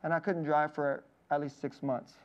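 A man's voice: on the high side, little pitch movement, normal speed. A man in his thirties preaches to his congregation, moving between personal stories and scripture. He laughs lightly between lines and speaks plainly. The recording sounds a little dull and lo-fi. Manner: personal storytelling with frequent laughs. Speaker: pastor. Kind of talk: sermon.

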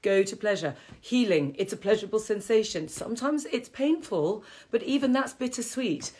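A woman's voice: medium pitch, lively intonation, moderate pace, darkish tone. A middle-aged woman, teaching a casual live-streamed qigong class in a chatty, rambling way with frequent laughter. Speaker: qigong teacher and health host.

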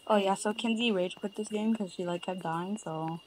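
A woman chatting casually while playing a video game with her sister, excitable and prone to loud outbursts and repeated catchphrases. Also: mid-range voice, normal speed, a little hiss or hum, rough recording. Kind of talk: casual gameplay chat.

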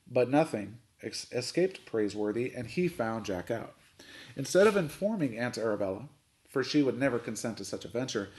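A man reading a children's chapter book aloud, his voice moving through a wide, animated range. He tells the story expressively, leaning into the drama of each scene. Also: mid-range voice. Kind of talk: storybook read-aloud narration.

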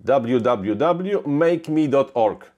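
Animated man unboxing gear. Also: mid-range voice, takes it slowly. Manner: chatty, enthusiastic, self-deprecating asides. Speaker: hardware reviewer. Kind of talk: unboxing and product review.

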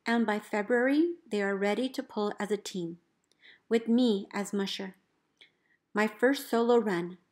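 A woman, a teacher, reading a picture book aloud in an expressive storybook voice, calling out the commands with gusto. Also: mid-range voice, unhurried. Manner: expressive, calls out dog commands loudly.

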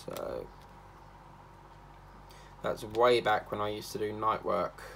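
A chatty man rambles through stories while he works on a craft project. His mid-pitched voice has a gravelly fry to it. A faint hum sits behind him. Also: slow, a bit bright. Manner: rambling, chatty, breaks into snatches of song. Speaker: craft channel host. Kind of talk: casual chat while crafting.

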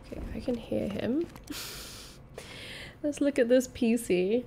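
A woman's voice: on the high side, slow pace, creaky, long pauses, warm tone, slight background noise. A young woman streaming her first playthrough of a game, chatting casually, swearing and spiraling into panicked repeated words. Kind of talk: casual gameplay commentary.

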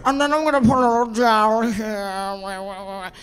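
A comedian voicing a prim day-spa lady who talks slowly and sweetly. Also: on the high side, steady tone, smooth. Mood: soothing. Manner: slow, sweetly gentle.

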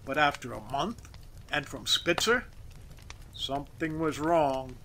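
A man narrating a classic story as an audiobook reader, expressive and measured. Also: fairly high pitch, a little hiss or hum, poor audio.

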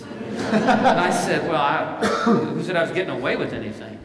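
American pastor preaching in an echoey hall. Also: male voice, a little high, moderate pace, noisy background. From Missouri, United States. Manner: storytelling, quotes scripture in lively voices. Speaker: pastor and keynote speaker. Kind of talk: live Q&A answer, preaching style. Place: large hall at a conference. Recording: echoey hall, picked up from a distance.

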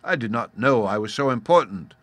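A man's voice: medium pitch, lively intonation, fairly quick, dry recording, close to an everyday voice. A man voicing a proud, demanding giant crab, bargaining for gifts in a storybook reading. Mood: boastful. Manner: demanding, wheedling.

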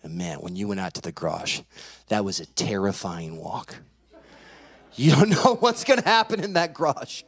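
A man's voice: lowish voice, very animated, normal speed, creaky, husky. A man, a pastor, preaching a sermon by telling a personal story and acting out the voices in it. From California. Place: church sanctuary.

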